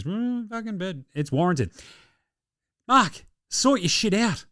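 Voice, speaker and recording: Australian male host, lively pitch, dry close sound, sweary comic sports chat. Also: moderate pace, clean tone, no room sound. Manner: profane, jokey, animated rants. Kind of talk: casual sports commentary.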